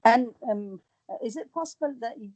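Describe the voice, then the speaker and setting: Woman student on a video call class, kinda high voice, asking stuff hesitantly with lots of uhs. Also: normal speed, darkish tone. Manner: hesitant, polite questioning. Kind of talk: asking questions in an online class.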